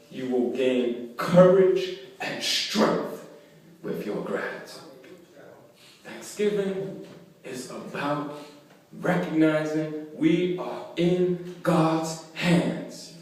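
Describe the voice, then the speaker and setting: A male pastor preaching in an echoey hall. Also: fairly high pitch. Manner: builds to loud emphatic peaks, then drops to quiet trailing endings; slow deliberate phrasing on key lines, quick asides when storytelling. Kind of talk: sermon. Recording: echoey church hall, mic at a distance.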